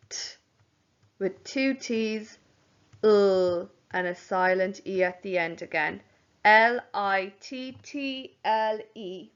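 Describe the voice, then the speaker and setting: A woman's voice: on the high side, smooth. A woman teacher giving a home learning spelling lesson to young children, spelling each word out letter by letter. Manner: slow, spells words out letter by letter. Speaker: primary school teacher. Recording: dull lo-fi home recording.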